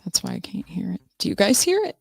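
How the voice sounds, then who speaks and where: A woman's voice: medium pitch, big pitch swings, fast, gravelly, husky, no room sound, faint music behind. A woman hosting a casual livestream, chatting loosely with viewers while she fiddles with her audio settings. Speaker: livestream host.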